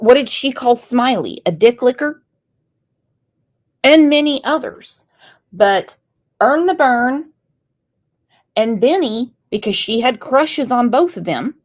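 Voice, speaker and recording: A woman commenting on a true crime case with sarcastic, incredulous remarks. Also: a little high. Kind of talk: opinionated commentary.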